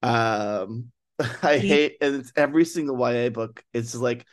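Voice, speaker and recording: A man with an ordinary mid-range voice co-hosts a casual book podcast. He sounds laid-back and wry. He often pauses with "uh" and "like". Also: medium pitch, dry recording, clean studio sound. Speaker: podcast co-host. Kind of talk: casual chat.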